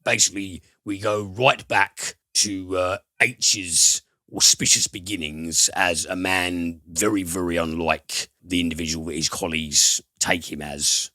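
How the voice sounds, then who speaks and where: A man hosting a podcast, retelling a film plot in a casual, halting way full of fillers, with the odd swear word. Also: deep voice, fairly even intonation, bright, forceful tone, dry recording. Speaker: podcast host, film reviewer. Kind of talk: casual film review chat.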